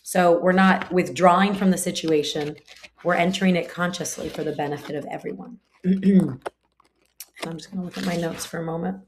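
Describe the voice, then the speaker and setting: Soft-spoken woman teaching a spiritual class. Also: on the low side, fairly even intonation, brisk, a little hiss or hum. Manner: conversational, many fillers and restarts; acts out short quoted lines in her talk.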